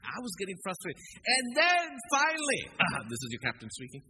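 A man preaching a sermon, telling a story with great animation and acting out the other voices, swinging from loud bursts to hushed tones. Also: high-pitched, wildly swooping pitch, brisk, very noisy. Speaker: pastor.

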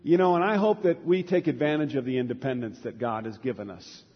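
A man's voice: medium pitch, fairly quick, husky. A man preaching a sermon as pastor, repeating key words for emphasis. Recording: reverberant church hall, dull lo-fi.

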